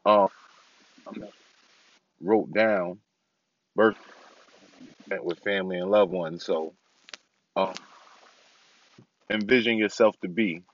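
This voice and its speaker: Low-pitched and slow, with frequent pauses, this young man rambles casually through an update for his own podcast while sitting in his parked car, saying um a lot. The audio has its high frequencies cut off.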